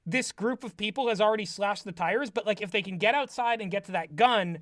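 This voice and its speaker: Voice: medium pitch, a little fast, fairly bright tone, no room sound. Casual podcast co-host retelling a film plot, rambling and amused, close dry mic. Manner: rambling, heavy use of "like", amused. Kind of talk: casual movie recap.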